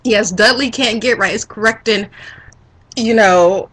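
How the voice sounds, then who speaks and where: A woman vlogger delivering a casual rant to camera, sassy and animated, breaking into laughter often. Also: mid-range voice, measured pace, poor audio.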